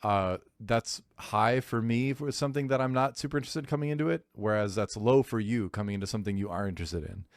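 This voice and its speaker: A man's voice: lowish voice, fast talker, hardly any pauses, no room sound. A man co-hosting a casual podcast chat, wry and joking with dry teasing remarks. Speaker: podcast co-host.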